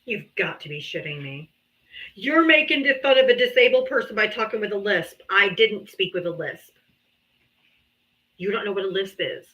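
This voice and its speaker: A woman's voice: medium pitch, expressive, normal speed, a bit bright, lo-fi sound. A woman hosting a live debate stream, talking in a mocking, profane and exasperated way. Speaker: livestream host. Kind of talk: heated live debate chat.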